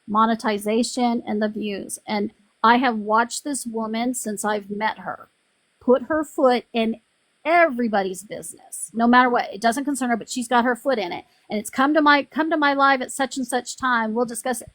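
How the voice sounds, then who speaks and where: A woman's voice: fairly high pitch, normal speed, a bit bright, no echo. A woman hosting a livestream, venting in a rambling, frustrated way with many restarts. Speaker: livestream host. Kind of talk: casual live-stream venting.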